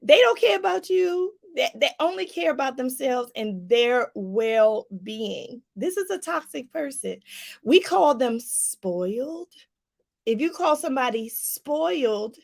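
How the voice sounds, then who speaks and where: Animated woman life coach, gravelly voice. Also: high-pitched. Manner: animated, laughing, talks straight to the viewer with "y'all". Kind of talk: casual advice talk to viewers.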